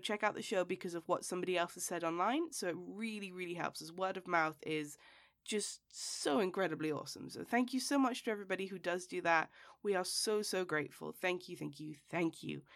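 Hoarse woman host, rough from illness, chatty and grateful, repeats herself, podcast sponsor read. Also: medium pitch, fairly bright tone, no room sound, clean studio sound. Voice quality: rough, raspy voice. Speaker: game master and host.

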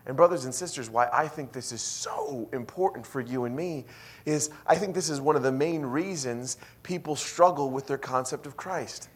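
A man pastor preaching a sermon in a church, telling a story with animated swings from hushed, intimate lines to loud, emphatic ones. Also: fairly high pitch, moderate pace.

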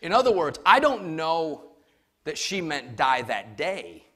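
A middle-aged male pastor preaching a sermon. He tells stories with emphasis, swinging from shouts down to hushed asides. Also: fairly high pitch, sing-song, takes it slowly.

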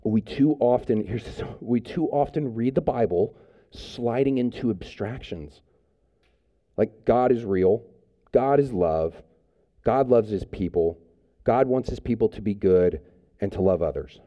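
A man's voice: on the low side, measured pace, muffled recording. A man preaching a sermon as pastor, speaking in a conversational way with frequent fillers and restarts.

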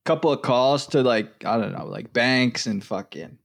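A man's voice: mid-range voice, expressive, moderate pace, vocal fry. A man with a mid-range voice complains in casual podcast chat. He sounds exasperated and swears heavily. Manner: profane, exasperated griping.

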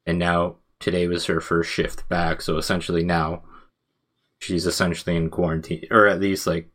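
A man's voice: low-pitched, flat delivery, normal speed, a bit bright. A man co-hosting a podcast in casual chat, rambling with many fillers and self-corrections. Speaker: podcast co-host.

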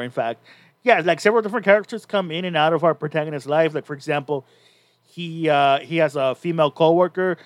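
A man's voice: a little high, no echo. Rambling man on a dry podcast mic. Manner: rambling, many restarts and "so". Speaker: podcast co-host. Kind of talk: casual chat recapping a story.

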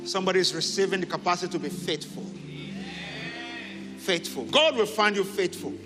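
A man pastor leading prayer and having the congregation repeat declarations after him, rising to fervent shouts. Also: high voice, fairly quick. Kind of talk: sermon and prayer. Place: large church hall. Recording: echoing hall with music.

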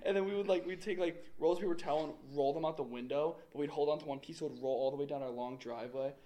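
A man's voice: a little high, racing, warm tone. A young man animatedly telling stories about school pranks, often laughing as he talks. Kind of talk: casual storytelling chat.

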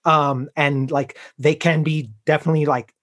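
Slightly high-voiced rambling podcast guy. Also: fairly even intonation, moderate pace, fairly bright tone. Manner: rambling, lots of likes and laughs. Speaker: podcast co-host. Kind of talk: casual comedic chat.

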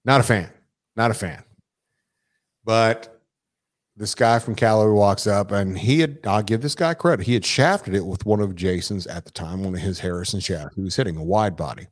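A man's voice: lowish voice, fairly quick. A man chatting casually, telling a long anecdote in a rambling way, swearing freely and restarting his sentences often. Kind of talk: casual chat.

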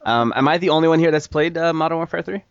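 A man's voice: fairly high pitch, fast, clear, resonant tone, no echo, lo-fi sound. A man hosting a casual gaming podcast, joking and laughing often as he leads the chat. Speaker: podcast host.

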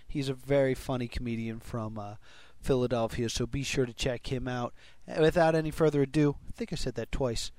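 A man's voice: mid-range voice, steady tone, brisk, few pauses, a little mellow, no room sound. A man hosting a comedy podcast, reading plugs in a jokey, rambling way and correcting himself. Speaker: podcast host. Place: live show with audience.

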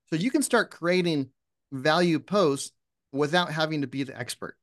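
A man talking as a guest in a casual interview, lively and often acting out example posts. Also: fairly high pitch, normal speed. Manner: animated, acts out sample posts in voices. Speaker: podcast guest.

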